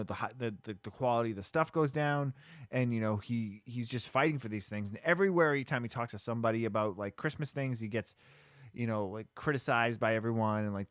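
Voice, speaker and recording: A man co-hosting a podcast, casually recapping a movie plot in a rambling, animated way with lots of "like" and restarts. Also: medium pitch, no echo, studio quality. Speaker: podcast co-host.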